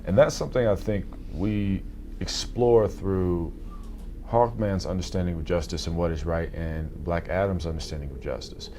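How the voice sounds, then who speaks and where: A man, an actor, answering interview questions in a thoughtful, measured way. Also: low voice, steady tone, mellow, a little hiss or hum.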